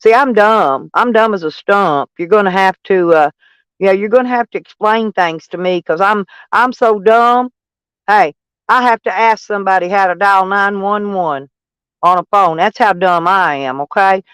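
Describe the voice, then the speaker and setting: Southern guy on a live stream, pretty high voice, rambly and joking on himself, reading out viewer comments. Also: moderate pace, a bit bright, clean tone, dry recording. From Arkansas. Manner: rambling, joking and self-mocking, breaks into laughs.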